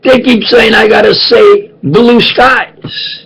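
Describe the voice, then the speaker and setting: A man's voice: sits high, fairly even intonation, slow, a bit bright, husky, voice pushed up, full character voice. A man voicing an Italian man learning English, earnestly explaining grammar. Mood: insistent.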